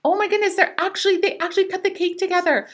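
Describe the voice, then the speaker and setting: A young woman giving casual gameplay commentary, excitable and giggly, breaking into squeals. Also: very high voice, fast talker. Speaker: gaming YouTuber.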